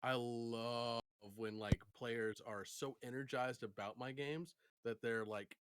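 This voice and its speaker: A man co-hosting a casual podcast and game master, talking in a relaxed way with many fillers. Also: mid-range voice, slow pace, noisy background. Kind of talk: casual chat about tabletop games.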